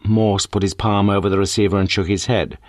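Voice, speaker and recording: A man narrating a detective novel audiobook with a measured, expressive reading. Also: fairly low pitch, no room sound, studio quality. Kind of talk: scripted narration.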